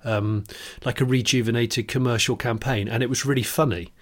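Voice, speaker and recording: A man's voice: mid-range voice, fairly even intonation, brisk. A man co-hosting a podcast, telling anecdotes in casual chat and laughing easily. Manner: chatty storyteller, laughs easily, many restarts. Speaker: podcast co-host.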